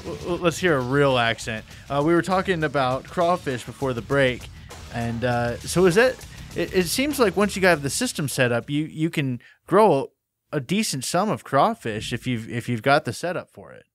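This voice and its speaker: A man's voice: a little high, very animated, normal speed, no echo, faint music behind. A man hosting a talk show in a loose, easygoing way. He trips over his words and repeats himself now and then as he leads the conversation. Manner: casual, stumbles and repeats words. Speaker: podcast host. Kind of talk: casual hosting.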